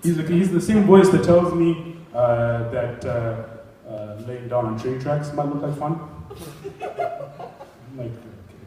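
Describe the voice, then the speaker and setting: Onstage at a club, a young stand-up comedian speaks slowly in a medium-pitched, dark-toned voice. His set rambles along with self-deprecating asides, and the echoey room is heard from far off.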